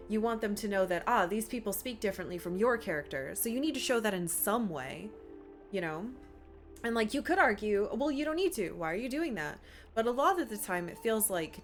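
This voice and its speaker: A young woman from Appalachia chatting while streaming a game, rambling with lots of fillers. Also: mid-range voice. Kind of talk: casual gameplay commentary. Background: faint game music.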